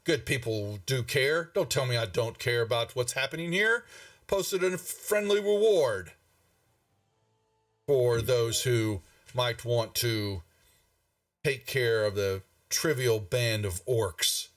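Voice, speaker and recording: A man's voice: medium pitch, animated, slow pace, fairly bright tone, far from the mic. A man voicing a pompous, portly older male town master who blusters and brushes people off. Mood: haughty. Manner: blustering, dismissive.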